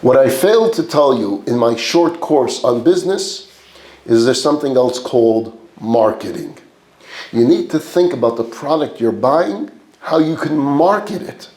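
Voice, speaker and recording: A man's voice: mid-range voice, animated, measured pace, a little mellow, natural voice. A man voicing an exasperated father who scolds his son, talking in a raised, incredulous way. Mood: apologetic coaching. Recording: roomy echo.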